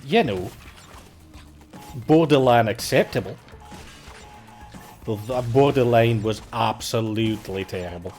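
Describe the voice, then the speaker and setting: Brief: self-mocking male streamer, mid-pitched voice, casual banter, faint game music underneath. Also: measured pace, pauses often, a little mellow. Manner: joking, self-mocking, chats with viewers. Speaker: charity livestream gamer. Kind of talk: casual livestream chat.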